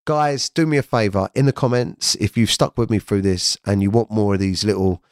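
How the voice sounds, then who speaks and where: A man's voice: fairly low pitch, steady tone, moderate pace, dry recording, clean studio sound. A man hosting an unscripted solo podcast from home, talking frankly and rambling, swearing freely. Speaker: podcast host.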